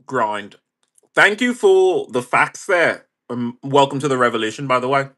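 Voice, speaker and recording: A man's voice: mid-range voice, expressive, normal speed, fairly bright tone. A man hosting a livestream in a casual, wry manner, chatting and reacting to viewer comments. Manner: chatty, wry, reads chat aloud and laughs. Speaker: livestream host.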